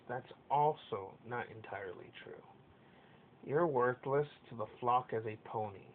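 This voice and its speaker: A man voicing a pony spokesperson who speaks to captives in a cold, mocking way. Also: close to an everyday voice. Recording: tinny lo-fi with faint rumble.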